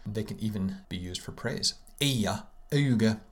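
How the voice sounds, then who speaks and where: A man hosting a podcast, discussing a text and reciting verse slowly, stressing the meter. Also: fairly low pitch. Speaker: podcast host.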